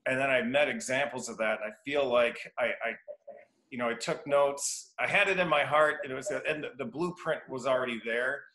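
Bright-voiced man telling rambling stories. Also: medium pitch, moderate pace, a little hiss or hum. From Iowa, United States. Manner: rambling anecdotes, restarts sentences, acts out quoted voices. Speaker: guest educator. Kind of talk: casual storytelling interview. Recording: roomy echo.

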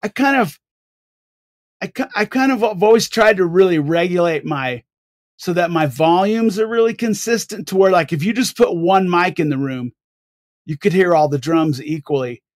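Older man, podcast guest, high-pitched voice, animated rambling storytelling, dry sound. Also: normal speed, no echo. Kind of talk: casual interview storytelling.

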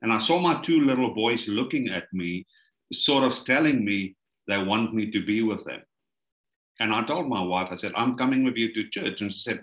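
A man's voice: on the low side, moderate pace, muffled recording. A middle-aged man with a South African accent recounts his testimony as a guest. He slips into the voices of the people he quotes, and the room has an echo. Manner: animated storyteller acting out quoted voices. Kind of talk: storytelling interview.

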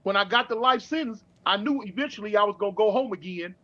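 Middle-aged cali guy, high sharp voice, slangy, keeps restarting, muffled call audio. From California. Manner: slangy, street talk, halting restarts. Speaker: guest. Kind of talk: casual storytelling.

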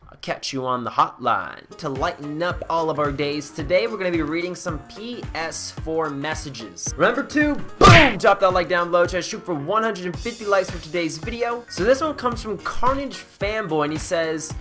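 A man's voice: high-pitched, expressive, moderate pace, few pauses, pushed and bright, soft background music. A young man hosting a gaming vlog, reading out fan messages in a goofy, teasing way. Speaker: YouTuber.

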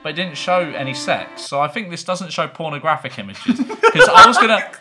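A young man with a high, lively voice that jumps around. He keeps up crude, cheeky jokes in casual banter with friends. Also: fairly quick, over music. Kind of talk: casual chat.

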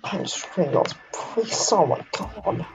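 A man's voice: sits high, expressive, a little slow, vocal fry, background noise. A man casually mumbling offhand commentary while playing a strategy game.

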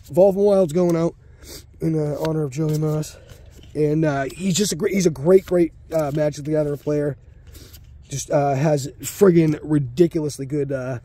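A man's voice: fairly high pitch, dark tone, breathy edge. Sick man muttering through pack openings. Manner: rambling, crude, muttering under his breath. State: sick, short of breath. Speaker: card-opening channel host. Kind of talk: casual pack-opening commentary. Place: home basement room.

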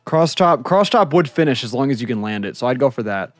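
A man's voice: mid-range voice, lively intonation, quick pace, no echo, soft background music. A young man co-hosting a let's play, joking and laughing in casual gaming banter.

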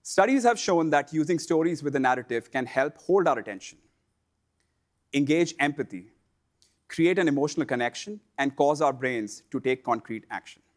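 A man presenting a scripted instructional lesson for online sellers, in a measured, explanatory delivery. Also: a little high, expressive.

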